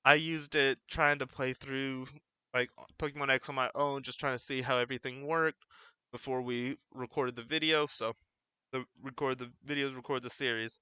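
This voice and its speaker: Recording at home on a desk mic, with a fan running in the room, a man hosts his channel in a relaxed, rambling solo vlog chat, frequently self-correcting. His voice is bright and smooth, medium-pitched at normal speed, and the sound is dry and a bit dull.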